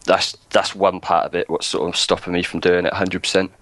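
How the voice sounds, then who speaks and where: Deep-voiced laid-back man. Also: level tone, a bit bright, no echo. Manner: laid-back, meandering, many pauses. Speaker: podcast co-host. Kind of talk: casual chat.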